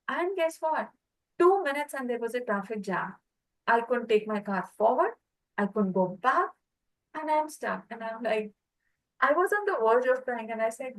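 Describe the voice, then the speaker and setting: A woman with a slightly high voice leads a Reiki class. She tells stories from her own life in a lively way and slips into the voices of the people in them. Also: normal speed, poor audio. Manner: lively storyteller, acts out quoted voices. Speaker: Reiki teacher. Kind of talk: teaching class with personal anecdotes.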